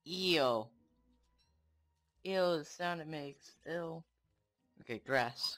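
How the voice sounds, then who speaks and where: A young man commenting on his own game play, excitable and swearing often, talking to the game. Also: on the high side, slow, long pauses. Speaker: gamer.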